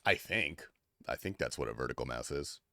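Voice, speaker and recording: A man's voice: a bass voice, animated, a little fast, gravelly, bright, forceful tone, no echo. A man streaming a game, chatting casually with his viewers in a crude, offhand way and swearing freely. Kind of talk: casual livestream chat.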